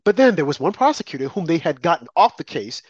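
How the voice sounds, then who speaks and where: A man's voice: fairly high pitch, very animated, fast talker, husky, no room sound. A man delivering an opinionated commentary monologue, emphatic and repetitive, with mocking asides. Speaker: political commentator. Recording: dry, slightly muffled lo-fi audio.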